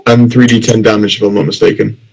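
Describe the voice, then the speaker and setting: A man's voice: lowish voice, fairly even intonation, fast talker, gravelly, slight background noise, rough recording. A man playing a tabletop game who describes his character's actions in a solemn, dramatic way. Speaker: player. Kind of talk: tabletop play with in-character narration.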